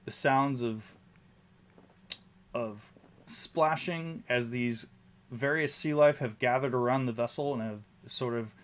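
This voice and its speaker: Male game master, average pitch, halting descriptive narration. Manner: descriptive, halting, many fillers.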